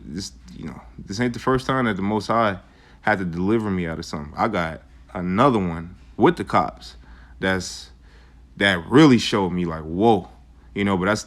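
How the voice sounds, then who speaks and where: A man's voice: low voice, moderate pace. A young man talking casually about faith, full of slang and "you know," reading old verses aloud. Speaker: vlogger sharing scripture. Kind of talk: casual religious talk and scripture reading.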